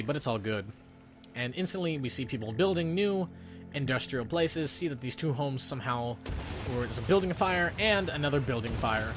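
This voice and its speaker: A young man with a mid-range voice rambles loosely through a gameplay recording as a casual commentator. He narrates himself by voicing his inner thoughts as quotes and wanders from one point to the next, with game music clearly audible behind him.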